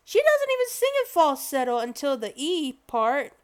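A woman vlogger giving casual, rambling music commentary, excitable and full of exclamations and restarts. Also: sits high, moderate pace.

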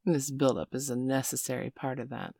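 A woman in whispered role-play, speaking slowly and coaxingly with pet names, close to the mic. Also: extremely low pitch, vocal fry, darkish tone, no room sound. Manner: slow, coaxing, teasing, full of pet names. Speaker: audio role-play performer.

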